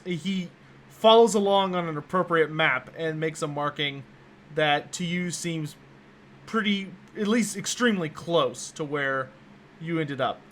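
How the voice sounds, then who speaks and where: A man's voice: on the high side, a bit bright, a little hiss or hum. A man narrating a tabletop game as game master, often stammering and restarting as he describes actions.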